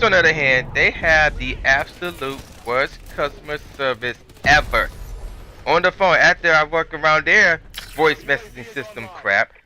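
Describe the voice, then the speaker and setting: A man with a very bright, sharp, cutting voice that sits a little high. He rants over gameplay in loose, colloquial commentary. He tells his story in an animated, exasperated way. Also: slight background noise. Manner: casual and colloquial. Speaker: gaming channel host.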